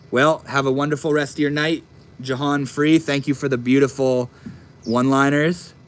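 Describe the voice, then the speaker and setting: A young man casually chatting on a live stream, reading and answering chat messages in a relaxed, profane drawl. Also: medium pitch, normal speed. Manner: laid-back, swears often, drawls.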